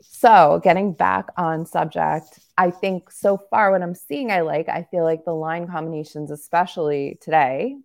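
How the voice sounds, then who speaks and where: Woman, low voice, gravelly fry, candid and joking, casual sports podcast chat. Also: moderate pace, few pauses. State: slight cough. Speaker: podcast co-host.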